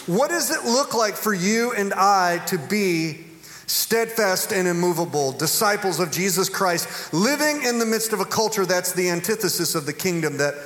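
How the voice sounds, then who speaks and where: A man's voice: high-pitched, a bit bright. A middle-aged man preaching a sermon as a pastor, mixing humorous storytelling with earnest preaching. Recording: echoey hall with long reverb.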